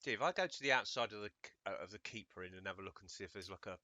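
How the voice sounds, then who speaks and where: A man's voice: lowish voice, very fast, pushed and bright, highs cut off, a little hiss or hum. A man playing a tabletop game, chatting casually and reading game notes aloud, with some swearing. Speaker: player.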